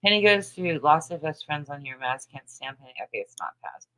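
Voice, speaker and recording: A woman's voice: low-pitched, very animated, brisk, bright, forceful tone, rough recording. A woman in her thirties hosting a casual livestream, gossiping bluntly about others, laughing often and swearing. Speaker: livestream host. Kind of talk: casual livestream chat reading comments.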